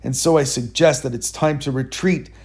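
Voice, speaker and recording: A man's voice: mid-range voice, moderate pace, darkish tone, close to an everyday voice. A man voicing a blustering, pompous army general in a storybook reading, bellowing orders. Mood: breezy. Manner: bellowing, commanding.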